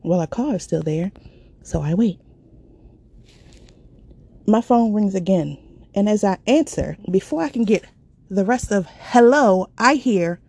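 Gravelly, husky woman telling a story. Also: medium pitch, lively intonation, measured pace, long pauses, warm tone, no room sound. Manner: raw, candid and profane. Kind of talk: personal storytelling.

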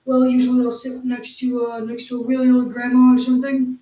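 A woman co-hosting an improvised comedy podcast, with halting, matter-of-fact explanations. Her voice is fairly high but mellow and very flat in pitch. She sounds roomy and distant from the mic. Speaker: podcast co-host.

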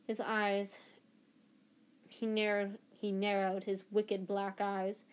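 Woman reading a novel out loud, stumbles and restarts a lot. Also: mid-range voice, flat delivery, a little slow. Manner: unpolished, with frequent slips and restarts. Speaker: audiobook reader.

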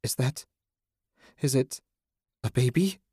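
A man's voice: mid-range voice, slow pace, mellow, slightly rough, dry recording, pitched above the performer's own voice. A desperate young mother , put on by a male reader, pleads in a raised, trembling voice. Her questions tumble out frightened and grieving. The storybook recording is close and dry. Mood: bewildered, fearful. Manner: anxious, breaking into desperate cries.

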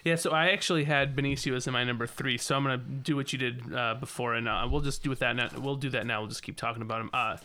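A man's voice: mid-range voice, steady tone, fast, hardly any pauses, pushed and bright. A man co-hosting a podcast, talking in a loose, rambling, easygoing way and often laughing. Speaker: podcast co-host. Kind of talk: casual chat.

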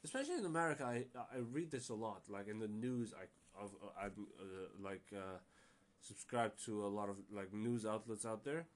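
A man's voice: on the low side, animated, normal speed. A man hosting a casual solo podcast, rambling with many fillers and restarts and sounding exasperated. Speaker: podcast host.

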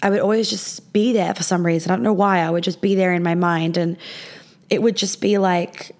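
A woman's voice: lowish voice, steady tone, brisk, darkish tone. A young adult woman hosting her own podcast from her apartment, chatting casually, swearing often, with many fillers. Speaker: podcast host and business coach.

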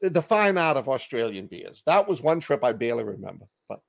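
A man's voice: medium pitch, sing-song, a little fast, gravelly. A man with a Boston accent, an author chatting as a guest on a video call and telling stories with jokes at his own expense. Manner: jokey storyteller, laughs at himself. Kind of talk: casual interview chat. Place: home desk on a video call.

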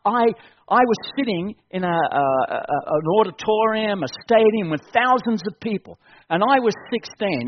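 A man preaching a fervent evening sermon at a church service, building to urgent appeals and repeating his key phrases. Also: high-pitched. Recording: dull lo-fi sound.

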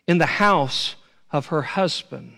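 A man's voice: on the high side, slow, vocal fry, sharp tone. A man preaching a sermon as pastor, earnest, often stumbling over and repeating his words.

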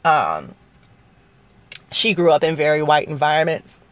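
A woman's voice: low voice, sing-song, unhurried, dry recording. A woman in her forties telling a personal story in a casual, profane, rambling way, full of fillers. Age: 40s.

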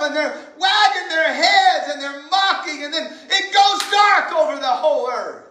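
A woman preaches with deliberate, unhurried pacing and a bright, ringing tone. Her delivery is impassioned and swells into shouts. The sound carries the echo of a roomy church sanctuary. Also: sits high. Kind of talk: sermon.

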